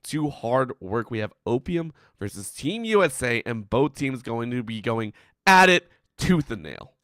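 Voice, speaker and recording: A man co-casting a live esports match in an animated way, with joking pleas and chuckles. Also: mid-range voice, a little slow, no room sound. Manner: animated, pleading jokes, chuckles. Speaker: esports caster.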